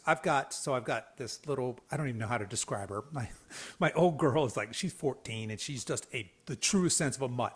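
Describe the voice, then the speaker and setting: A man in his fifties from the Southeastern US hosts a podcast, telling a story in a casual, folksy, animated way with lots of restarts and laughs. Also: medium pitch, breathy edge. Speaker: podcast host.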